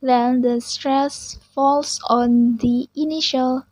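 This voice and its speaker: Slow-reading young woman. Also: high voice, steady tone, a little mellow, no room sound, poor audio. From Indonesia. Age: young adult. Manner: slow, careful reading with small restarts. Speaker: student presenter. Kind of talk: reading a class presentation.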